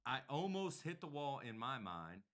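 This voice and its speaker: A man's voice: mid-range voice, very animated, normal speed, a bit bright. A man hosting a casual talk show, telling rambling, profane stories. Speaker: podcast host. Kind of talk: casual chat.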